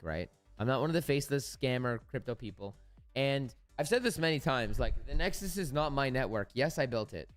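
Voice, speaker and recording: A man's voice: mid-range voice, no echo. A man hosting a live stream, chatting casually and bluntly with his viewers and swearing freely. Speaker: live-stream trading host.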